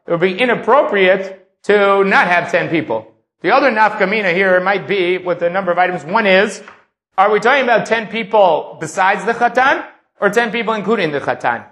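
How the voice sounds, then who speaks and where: In a high, fairly bright voice and brisk pace, a man teaches a Talmud lecture. He reads lines in Aramaic and then explains and translates them in English.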